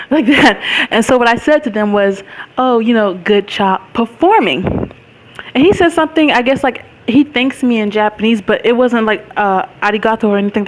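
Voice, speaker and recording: A woman's voice: a little high, low-quality recording. A young woman vlogger telling a story in a chatty, rambling way, with lots of fillers and frequent laughs. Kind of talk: casual storytelling vlog.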